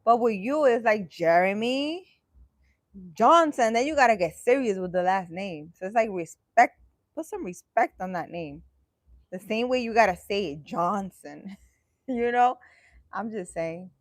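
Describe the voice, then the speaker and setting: A woman's voice: medium pitch, lively intonation, moderate pace, no echo, clean studio sound. A woman hosting a casual livestream, chatting with viewers in a playful, teasing way. She speaks emphatically and laughs often. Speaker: livestream host answering viewers.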